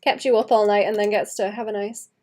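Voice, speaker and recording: A woman's voice: medium pitch, fairly even intonation, fast talker, a little mellow. A young woman with a light Welsh accent, chatting casually and rambling as she draws on a live stream, laughing often. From Wales. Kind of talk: casual livestream chat while drawing.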